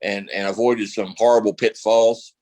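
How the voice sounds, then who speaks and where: A man's voice: fairly low pitch, fairly even intonation, normal speed, darkish tone, no echo, rough recording. Rambling man telling stories, dry sound. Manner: rambling, many fillers and restarts. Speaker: actor guest. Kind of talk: casual interview storytelling.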